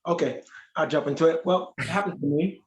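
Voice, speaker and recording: Animated storytelling man in an echoey room. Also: a little high, fairly quick. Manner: animated storytelling with acted quotes. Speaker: panel guest. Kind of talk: casual panel chat. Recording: echoey, dull lo-fi sound.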